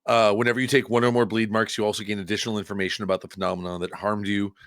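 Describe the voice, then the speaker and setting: A man playing a tabletop roleplaying game, thinking aloud as he decides his moves. His voice is fairly low, and he speaks with some hesitation. The recording is dry, with no room sound. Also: level tone, racing, a bit bright, clear, resonant tone, no room sound. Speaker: player.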